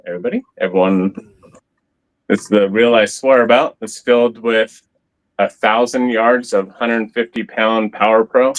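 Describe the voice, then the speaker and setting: Man, host of a casual fishing talk show, easygoing, low register. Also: rough recording. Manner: laid-back, swears casually, shows gear on camera. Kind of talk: casual fishing livestream chat.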